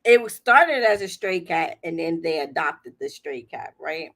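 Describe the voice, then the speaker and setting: A woman's voice: on the low side, lively intonation, measured pace, few pauses, a bit bright. A woman hosting a livestream, telling a story casually, laughing often and acting out what people said. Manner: chatty, laughs often, acts out quotes. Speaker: livestream host.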